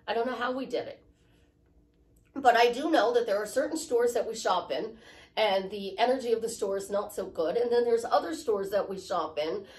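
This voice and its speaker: The woman's voice here is medium-pitched and a little mellow, captured by a distant mic. As a life coach, she gives a chatty motivational talk, repeating herself and joking about her own flaws.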